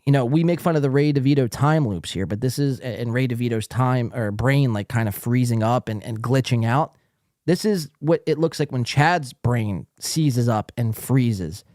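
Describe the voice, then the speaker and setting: A man's voice: medium pitch, moderate pace, darkish tone, dry recording, clean studio sound. A man hosting a podcast, giving sarcastic, laughing commentary on clips he plays. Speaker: podcast host. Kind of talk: mocking commentary over played clips.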